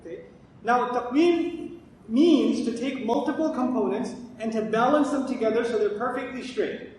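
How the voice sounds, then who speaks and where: Male Quran teacher, high voice, lecturing from a distance in an echoey hall with a faint rumble behind. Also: normal speed, a little mellow. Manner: asks questions and answers them himself.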